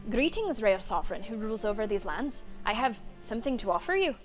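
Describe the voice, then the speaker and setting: A proud lone hunter with a put-on Irish lilt, a man who likes to talk about himself, as a woman puts him on for a game. The voice sits a little high for a man and comes across smooth and self-assured. Faint music plays behind it. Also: big pitch swings, brisk. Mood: boastful. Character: proud lone male hunter, boastful wanderer. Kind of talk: reading game dialogue aloud.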